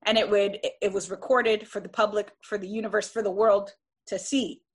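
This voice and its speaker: A woman's voice: mid-range voice, fairly even intonation, fairly quick, slightly rough. A woman giving a classroom lecture in an earnest, emphatic way, often restarting and checking in with "right?".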